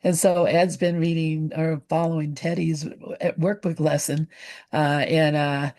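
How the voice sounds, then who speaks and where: A woman's voice: low voice, little pitch movement, a little slow, dark tone. A woman helping run the gathering, speaking casually and hesitantly with many fillers. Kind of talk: casual chat.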